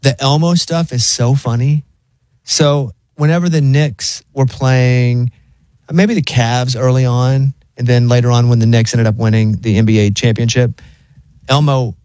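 A man's voice: medium pitch, steady tone, a little slow, a little mellow, no room sound. Chatty male radio host, dry sound. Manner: chatty and joking, reads items then riffs. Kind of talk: casual chat, reading news stories.

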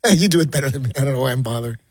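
A man's voice: mid-range voice, rapid-fire, a little mellow, husky, dry recording, studio quality. A man co-hosting a sports radio show, joking in casual banter. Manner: joking, laughs easily. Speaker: radio co-host.

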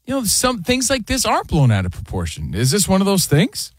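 Lively, expressive male sports-talk host. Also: high voice, fairly quick, breathy edge, dry recording. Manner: animated, argumentative, jokey. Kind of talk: casual sports radio banter. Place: radio studio.

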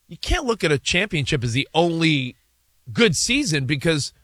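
A man's voice: on the high side, very animated, moderate pace, fairly bright tone, no echo, studio quality. A man co-hosting a sports talk show, posing long rambling hypotheticals in casual debate.

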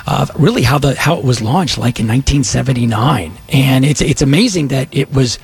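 Male talk radio host, gravelly and husky, loose rambling delivery over a light music bed. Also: medium pitch, expressive, fairly quick. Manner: rambling, self-interrupting, lots of fillers. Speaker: radio tech show host. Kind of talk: casual talk radio chat.

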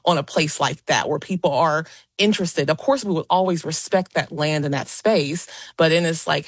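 A woman guest on a talk show, a paranormal investigator. Her voice sits a little low and sounds dry and close. She speaks eagerly and often breaks off to restart her sentences. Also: a little fast, slightly rough, no echo.

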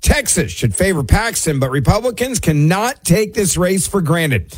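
A man's voice: high-pitched, animated, normal speed, breathy edge, no echo. A man, a radio host, reading a sponsor spot in a conversational, emphatic way.

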